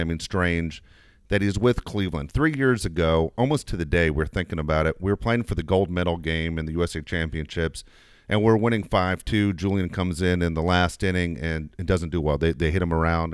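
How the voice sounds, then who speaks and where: A man's voice: low-pitched, fairly quick, smooth, no echo, clean studio sound. A man telling a long baseball story in casual chat, swearing freely and getting worked up. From Southern California. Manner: profane, animated storyteller. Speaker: baseball coach.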